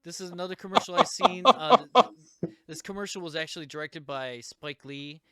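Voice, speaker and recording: A man's voice: on the high side, fairly quick, a crowd in the background. A man hosting a podcast, rambling casually with lots of fillers and laughs. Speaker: podcast host. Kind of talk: casual chat.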